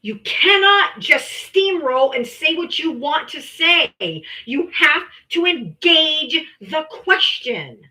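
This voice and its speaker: A woman runs a heated live political debate stream. Her voice is bright and high-set, and it swings widely in pitch. She argues hard and mocks her opponents as she talks over them. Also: expressive, slow, few pauses. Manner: combative, talks over others, mocking. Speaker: livestream debate host.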